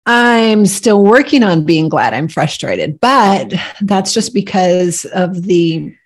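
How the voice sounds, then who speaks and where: Husky low-voiced woman, thoughtful co-host. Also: expressive. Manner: thoughtful, halting, searching for words. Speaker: podcast co-host. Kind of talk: casual podcast conversation.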